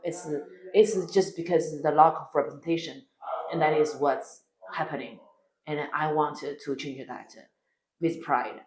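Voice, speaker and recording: Blunt Chinese-accented woman, low voice. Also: roomy sound, rough recording. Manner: blunt and emphatic, swears freely. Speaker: comedian. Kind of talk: interview answers.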